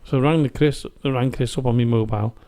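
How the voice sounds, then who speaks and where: In a studio, a podcast host with a medium-pitched voice talks quickly while sharing an anecdote in casual conversation. He's animated, acts out the voices of the people he quotes, and laughs easily.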